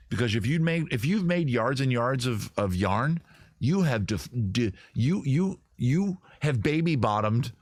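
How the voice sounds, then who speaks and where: Lively, crude-joking male livestream host. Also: mid-range voice, unhurried, no room sound, clean studio sound. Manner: rambling, crude, deadpan absurd riffing. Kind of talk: improvised comic livestream answering viewers.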